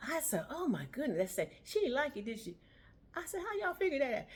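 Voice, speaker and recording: A woman's voice: high-pitched, big pitch swings, quick pace. A woman giving a casual motivational talk and telling a story, laughing often and acting out the voices of the people in it. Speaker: motivational vlogger.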